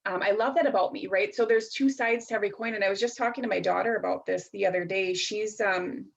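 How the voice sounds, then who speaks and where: A woman in her thirties speaking as a life-coach guest in an interview. She talks reflectively and chattily, with fillers and quick asides. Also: medium pitch, creaky, muffled recording. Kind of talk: casual interview chat.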